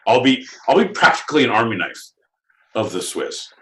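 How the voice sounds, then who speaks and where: A man co-hosts a podcast in a mid-range, sing-song voice that is fairly quick and a bit bright. In casual comedic banter he teases and scolds his partner, swearing and trying out silly accents. The recording has an echoey room with faint noise.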